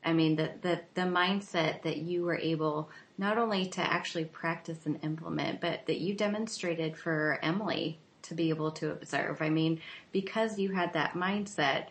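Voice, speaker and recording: Woman interview host, slightly low voice, affirming, asks careful questions. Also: moderate pace. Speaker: interview host, child life specialist. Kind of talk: casual interview.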